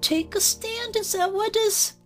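A woman's voice: very high-pitched, moderate pace, faint music behind. A woman voicing a worried five-year-old girl. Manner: rambling, earnest, apologetic childlike talk. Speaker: healer channeling her inner child. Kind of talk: spoken channeling session.

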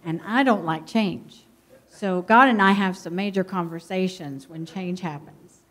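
A middle-aged woman, a missionary pastor's wife, telling a lively, heartfelt story to a church. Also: fairly low pitch, a little slow. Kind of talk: personal testimony to a church.

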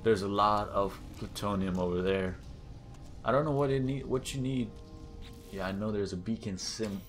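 In casual let's-play commentary, a young gaming channel host reacts excitably to his own exploring, gasping and exclaiming often. His lowish voice keeps a moderate pace, with faint music behind it.

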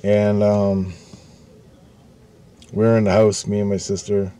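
A man's voice: fairly low pitch, flat delivery, slow pace, dark tone. A man telling a story casually, rambling, swearing often and restarting his sentences. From Canada.

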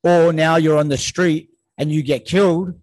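A man hosting a podcast talks casually in a fairly high voice. He often chimes in with short agreements and an occasional swear. The sound is dry and close. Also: moderate pace, no room sound, low-quality recording. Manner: frequent short affirmations, relaxed and swearing. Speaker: podcast host. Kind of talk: casual chat.

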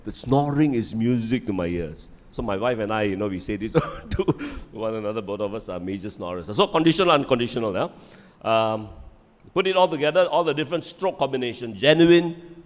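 A man's voice: lowish voice, lively intonation, fairly quick, big-room sound. A middle-aged man giving a conversational parenting talk, often repeating words and checking in with "yeah?". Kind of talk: live lecture with humor.

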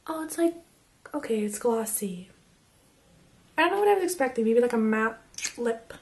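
A young woman casually reviewing makeup as she swatches it, chatty and excitable and half losing her voice. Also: a little high, normal speed. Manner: chatty and excitable, drops to whispers. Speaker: beauty vlogger.

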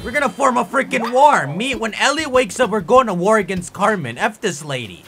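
A young man giving casual gameplay commentary, ranting in an animated, theatrically angry way. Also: high voice, brisk, a little hiss or hum. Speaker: gaming YouTuber. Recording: faint music behind.

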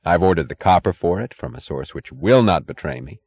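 A stern, commanding male industrialist speaks in firm, clipped phrases, as an audiobook narrator puts him on. The voice sits very low and deep. He sounds resolute, a man who has made up his mind. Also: sing-song, brisk, creaky, darkish tone, slightly rough, exaggerated voice. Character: stern determined male steel magnate, adult.

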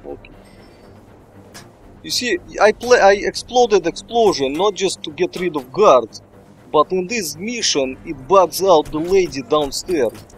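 A man commentating casually on his gameplay in broken English, bursting into excited shouts. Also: high-pitched, a little slow, soft background music. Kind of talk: casual let's-play commentary.

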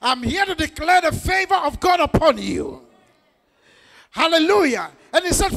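A male pastor preaching an emphatic sermon, often shouting and drawing call-and-response from the congregation. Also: very high voice, sing-song, normal speed, gravelly.

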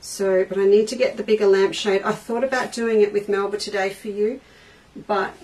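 Speaking in a mid-range, slightly mellow voice with fairly even intonation and a moderate pace, a quilting shop host demonstrates crafting live. She chats with her audience and reads their comments aloud while working in an indoor craft studio, and a distant mic picks up faint noise.

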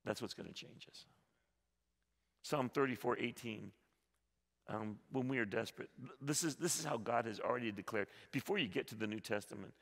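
Gravelly, bright-voiced preaching pastor. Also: male voice, medium pitch, brisk, long reverb tail. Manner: impassioned preaching that swings between loud and soft, repeating words. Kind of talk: sermon. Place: church sanctuary.

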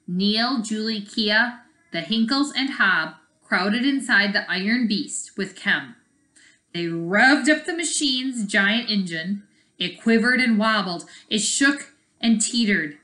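A woman teacher reading a chapter book aloud and pausing to explain the story. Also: medium pitch, lively intonation, pushed and bright. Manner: explains the story as she reads. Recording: echoey room.

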